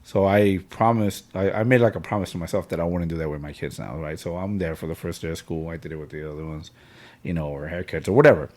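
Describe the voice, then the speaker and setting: Casual podcast host, male, fairly low voice, candid and rambling storyteller. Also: quick pace, a little mellow. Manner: emotional storytelling, frequent filler and slang. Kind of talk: casual chat among friends.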